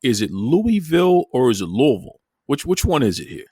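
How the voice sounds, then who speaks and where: A man's voice: mid-range voice, a little fast, slightly rough, no room sound, studio quality. A man with a Boston accent hosting a casual podcast interview, joking and stumbling over his words as he teases his guest. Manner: jokey, stammering, lively teasing. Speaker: podcast host.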